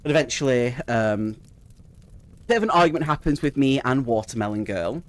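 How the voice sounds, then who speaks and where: A man's voice: mid-range voice, expressive, moderate pace. Man telling a rambling story. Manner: rambling, swears freely, laughs at his own story. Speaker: streamer. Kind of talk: casual storytelling.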